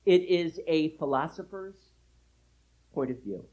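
Husky, animated male preacher. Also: measured pace, low-quality recording. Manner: emphatic preaching with big swings in pitch and loudness; repeats key phrases for emphasis. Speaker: pastor. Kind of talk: sermon.

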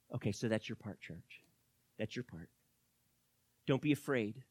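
A pastor preaching a sermon to his church, swinging between hushed words and loud, fervent calls. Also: mid-range voice, normal speed, long pauses, husky, dry recording. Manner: dramatic, swings from hushed to shouting.

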